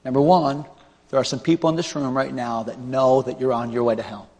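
A male pastor preaching a revival sermon with an altar call, swinging from loud shouting to hushed pleading. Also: medium pitch, fairly even intonation, fairly quick. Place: large church auditorium. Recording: long hall reverb.

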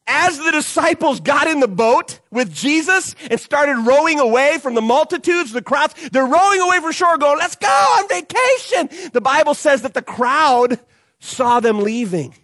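A man preaching an animated youth sermon, acting out the disciples and crowd as he tells the story. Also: very high voice, no echo. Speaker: youth pastor.

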